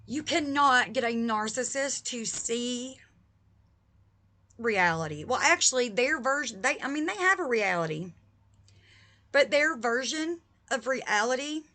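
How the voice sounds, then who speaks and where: A woman's voice: fairly high pitch, lively intonation, slow, pauses often, bright, forceful tone. A woman talking to camera in a vlog, emphatic and heated, addressing her viewers directly. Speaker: vlogger.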